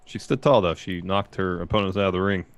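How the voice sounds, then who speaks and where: A middle-aged man co-hosting a podcast, teasing his partner with wry, deadpan comebacks while they go over a wrestling show. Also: low-pitched, quick pace, dry recording. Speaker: podcast co-host. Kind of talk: casual wrestling recap chat.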